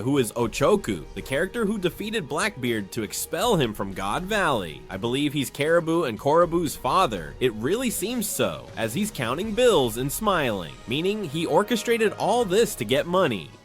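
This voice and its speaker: A man's voice: a little high, fairly bright tone. A man giving a casual, chatty recap of a comic chapter, musing aloud and adding side remarks as he retells each scene. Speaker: manga chapter recap commentator. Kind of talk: casual spoken recap with opinions.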